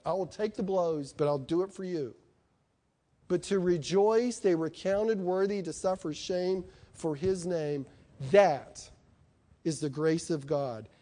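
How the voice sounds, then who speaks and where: A middle-aged male preacher delivers a sermon in a conversational, emphatic style. He often turns to the congregation with questions. His voice is fairly high and mellow.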